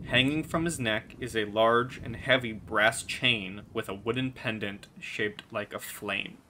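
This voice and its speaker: A man's voice: fairly low pitch, a little slow, bright, forceful tone, a little hiss or hum. A man narrating a tabletop game as game master, describing scenes in detail.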